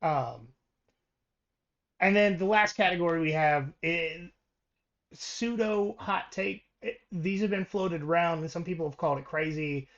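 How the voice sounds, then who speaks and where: A man's voice: a little high, unhurried, a bit bright, muffled recording. A man co-hosting a podcast, talking casually about sports and reading through records with ums and restarts. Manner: reads stats with many ums and restarts. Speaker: podcast co-host.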